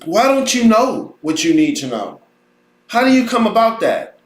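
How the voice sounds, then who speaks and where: A man's voice: sits high, sing-song, moderate pace. A man hosting a podcast, ranting bluntly and profanely in casual talk and sometimes mocking other people's voices. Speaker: podcast host. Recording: roomy echo.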